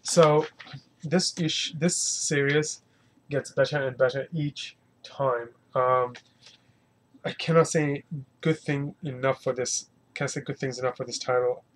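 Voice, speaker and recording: A man with an ordinary mid-range voice reviews comic books in a loose, conversational way. He rambles through plot recaps, acting out characters' lines in quotes and filling pauses with "um" and "you know". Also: medium pitch, steady tone. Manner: rambling, heavy "you know" fillers, retells scenes in quotes. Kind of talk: casual spoken review.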